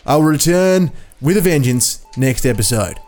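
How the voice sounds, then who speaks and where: A man's voice: on the high side, expressive, a little slow, darkish tone, faint music behind. A man doing a sick co-host's mock-solemn letter. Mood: wry, mock-solemn. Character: ailing young male co-host writing a wry letter. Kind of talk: reading a comic letter aloud.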